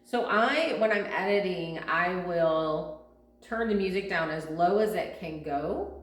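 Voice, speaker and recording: A woman's voice: lowish voice, measured pace. A woman co-hosting a farm vlog Q&A, chatting casually and explaining things at length with lots of fillers. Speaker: farm vlog co-host and video editor. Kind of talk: casual Q&A chat. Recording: roomy echo.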